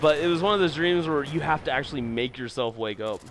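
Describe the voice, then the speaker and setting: A man's voice: fairly high pitch, expressive, quick pace, slight background noise. A young man telling stories in a casual, rambling way over gameplay, swearing often and leaning on fillers. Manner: rambling, profane, filler-heavy. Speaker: gameplay commentator.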